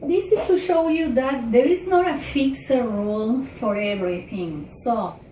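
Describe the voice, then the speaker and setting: A woman teaching a grammar lesson at an unhurried pace, often pausing on fillers and checking in with "okay?". Her voice sits a little high, and she sounds set back from the mic. The room is echoey, with faint noise underneath. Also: mellow, distant mic.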